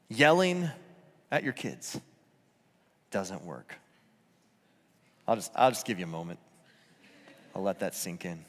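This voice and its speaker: A man's voice: mid-range voice, a bit bright. A man preaching a conversational sermon in a church, earnest and self-deprecating, often restarting his sentences. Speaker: pastor. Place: church auditorium. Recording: reverberant church hall.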